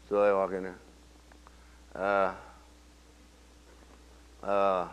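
Folksy preacher, bright forceful voice. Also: male voice, normal speed, pauses often. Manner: folksy storytelling preacher, swings from low murmurs to loud exclamations. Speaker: pastor. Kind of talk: sermon.

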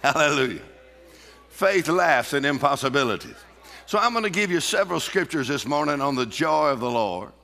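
A man preaching a sermon with exuberant energy, breaking into shouts and bursts of laughter. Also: on the high side, expressive, moderate pace, vocal fry, in a large hall. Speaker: pastor.

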